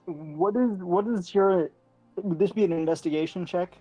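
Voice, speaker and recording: A man's voice: high-pitched, normal speed, mellow, lo-fi sound, soft background music. A man playing a tabletop game, speaking hesitantly with many fillers. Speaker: player. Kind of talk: casual tabletop play.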